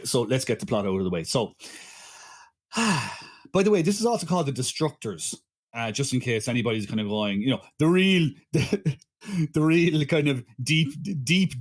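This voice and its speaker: Man, podcast co-host, casual chat, rambling, self-interrupting, middling pitch. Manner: rambling, stumbling restarts, frequent laughter.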